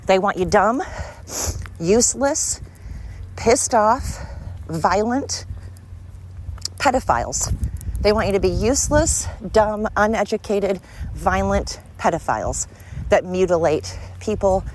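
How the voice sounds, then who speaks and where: A woman's voice: medium pitch, lively intonation, takes it slowly, pauses often, a little mellow, a little hiss or hum. A woman hosting a solo podcast, ranting in a heated, profane, blunt and scolding way. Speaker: podcast host. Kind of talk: angry solo podcast rant.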